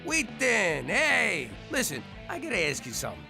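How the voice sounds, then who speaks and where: An actor playing a bumbling, self-pitying mob boss in a cartoon, sheepish and rambling. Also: male voice, sits high, wildly swooping pitch, creaky, over music, full character voice. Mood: baffled. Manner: sheepish, rambling, quick to apologize. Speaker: exiled mobster lead. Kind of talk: cartoon voice acting.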